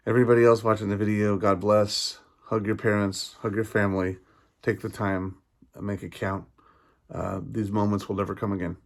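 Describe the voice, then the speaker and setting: A man with a lowish voice talks into his camera in a casual video message. He sounds tired and yawny, rambling along with frequent fillers, restarts and pauses, sincere and grateful in tone. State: tired, yawning. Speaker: vlogger.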